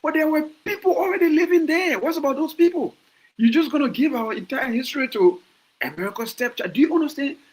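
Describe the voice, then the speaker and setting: A man's voice: extremely high pitch, fast, low-quality recording. A Liberian man with a Liberian accent talking casually on a podcast, passionate, often restarting phrases and asking rhetorical questions. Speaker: podcast host. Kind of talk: casual opinion talk.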